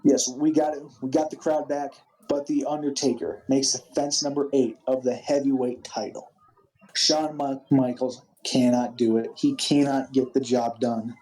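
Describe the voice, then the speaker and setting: A man narrating a wrestling simulation game with an excited play-by-play recap, animated and full of restarts. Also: medium pitch, slightly rough, poor audio. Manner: animated, quick, with frequent restarts.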